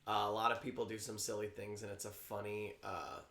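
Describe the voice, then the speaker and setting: A man's voice: fairly low pitch, level tone, brisk, pushed and bright, roomy sound, slight background noise. A man co-hosting a casual livestream, chatty and rambling, often restarting his sentences. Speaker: livestream co-host.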